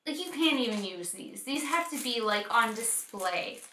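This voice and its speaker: A woman's voice: a little high, lively intonation, moderate pace, sharp tone, roomy sound, slight background noise. A woman in her thirties vlogging an unboxing at home, gushing and emotional, often laughing and exclaiming. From United States. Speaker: beauty vlogger. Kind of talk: casual unboxing vlog.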